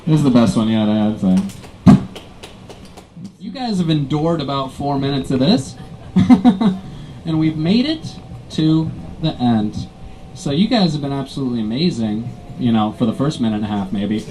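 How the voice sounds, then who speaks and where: A male stand-up comedian doing self-mocking, deadpan bits for commuters on an airport tram. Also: mid-range voice, a little slow, pauses often, a little hiss or hum, rough recording. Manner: self-mocking, wraps up the show again and again.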